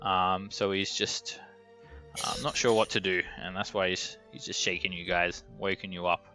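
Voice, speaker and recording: A man's voice: low voice, flat delivery, normal speed, bright, forceful tone, soft background music. A man running a tabletop game as game master, describing scenes with frequent ums.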